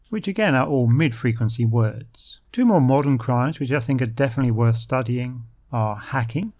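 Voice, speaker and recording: A man's voice: medium pitch, a little mellow. Methodical man teaching vocabulary. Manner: clear, methodical, with dry jokes. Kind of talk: explanatory vocabulary lesson.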